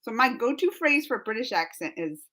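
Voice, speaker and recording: Woman streamer, a bit high-pitched, chatty and rambling, casual live-chat delivery. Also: expressive, normal speed, pushed and bright. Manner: chatty and rambling, says "like" a lot.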